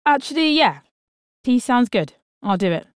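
A woman's voice: a little high, moderate pace, smooth, dry recording, studio quality, voice pushed up. A woman doing a sleepy, laid-back young man. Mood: easygoing. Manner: relaxed, offhand, swears casually.

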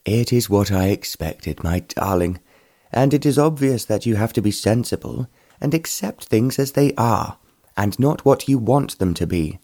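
A man voicing a gentle, patient wealthy father in an audiobook reading. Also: lively intonation, moderate pace, no room sound, clean studio sound. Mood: soothing. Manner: gentle, low and soothing.

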